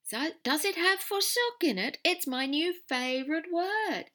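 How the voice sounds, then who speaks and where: Rowdy male bar patrons heckling and jeering in high, loud voices, as a woman acts them out. The tone is bright and animated, in a storybook reading. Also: unhurried, full character voice.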